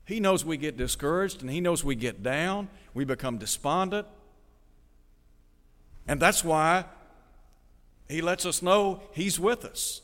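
A man's voice: a little high, expressive, a little slow, long pauses, fairly bright tone, in a large hall. A man preaching a radio sermon, reading scripture aloud and asking his listeners direct questions in an earnest manner.

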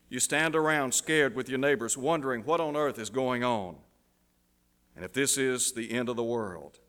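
A man preaching a dramatic sermon illustration, dropping to a hush at the tense moments. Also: medium pitch, normal speed, clean tone. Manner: dramatic, drops to a hush at emotional peaks. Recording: long hall reverb.

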